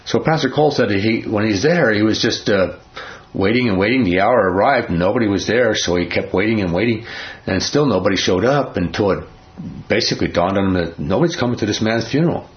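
A man's voice: on the low side, expressive, brisk, dull audio. A man preaching a sermon in a conversational, rambling way, often restarting his sentences.

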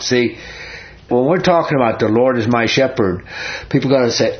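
A man's voice: mid-range voice, lively intonation, moderate pace, lo-fi sound. A man leading an informal Bible study, talking earnestly and conversationally and putting questions to his listeners. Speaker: Bible teacher.

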